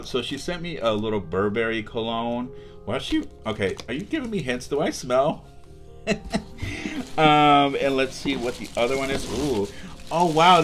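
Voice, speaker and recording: A young man hosting a casual unboxing vlog, talking in an excitable, gushing way with lots of ums and restarts. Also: mid-range voice. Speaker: vlogger.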